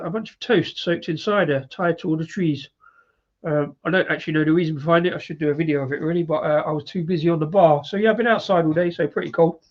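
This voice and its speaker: A man's voice: on the high side, lo-fi sound. A British man hosting a live beer review, chatty and rambling with frequent laughs. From Britain.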